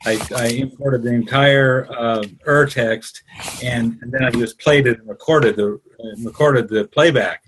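A man in a group discussion who speaks haltingly and repeats words. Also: medium pitch, fairly even intonation, fairly bright tone, slight background noise, rough recording.

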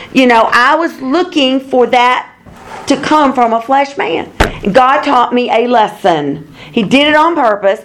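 Chatty woman teaching a bible study. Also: fairly high pitch. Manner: chatty storyteller, many fillers, laughs at herself. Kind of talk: informal Bible study teaching with personal stories.

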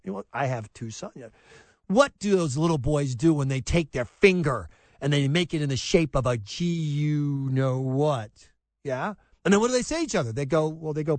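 A man hosting a talk radio show, delivering a sarcastic monologue and acting out shrill scolding voices. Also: lively intonation, normal speed, darkish tone, no echo.

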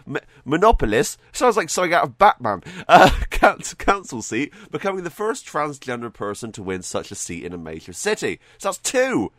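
Recorded dry, this man's medium-pitched, somewhat bright voice carries casual solo podcast commentary on his own show. He jokes around, laughs often, and keeps stumbling over repeated words.

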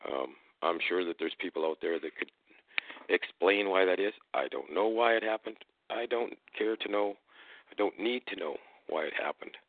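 Gravelly low-voiced man over a phone line. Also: no echo. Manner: deliberate, confrontational when challenged. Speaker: guest speaker. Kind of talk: casual storytelling and argument. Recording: tinny phone-line audio.

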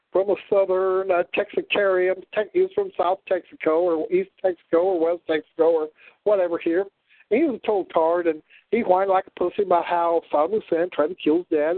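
Male host, rambling monologue, fairly high voice, phone-quality audio. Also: no room sound. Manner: rambling, with many fillers and restarts. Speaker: show host. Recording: dry, phone-like line.

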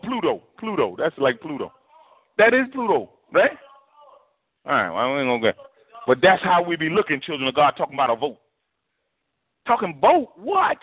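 Over tinny, phone-like broadcast audio, a male pastor preaches in a slightly high, brisk, somewhat rough voice. His sermon is colloquial and preachy, animated with put-on voices.

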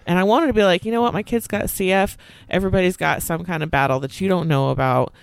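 A woman in her thirties co-hosting a podcast, telling an animated story, acting out quotes and swearing freely. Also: lowish voice, quick pace, gravelly, smooth. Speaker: podcast co-host. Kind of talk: casual chat, storytelling.

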